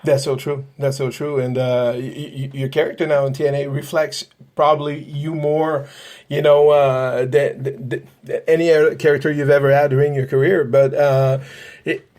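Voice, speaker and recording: A man with a fairly high voice hosts a casual podcast interview. He rambles and restarts often, stacking fillers as he circles toward his questions. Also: level tone, moderate pace, a little mellow. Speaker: podcast host, paranormal investigator.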